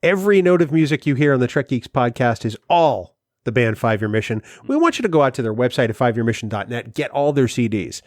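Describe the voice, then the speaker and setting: A man's voice: medium pitch, expressive, no room sound. Upbeat male podcast co-host, dry sound. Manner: upbeat, plugs sponsors in a quick promo patter. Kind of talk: casual podcast chat.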